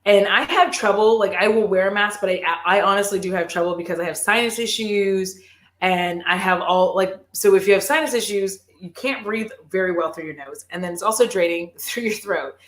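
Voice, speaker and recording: A woman chatting casually and rambling on a live stream, swearing freely and animated. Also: medium pitch, fairly quick, roomy sound. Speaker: guest on a live chat stream. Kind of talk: casual chat.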